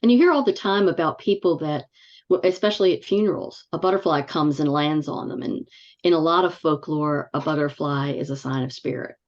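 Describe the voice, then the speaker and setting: A woman in a spiritual discussion group, telling a story on a video call in a relaxed, chatty way with soft fillers. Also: low-pitched, brisk. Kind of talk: casual group chat. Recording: dull lo-fi call audio.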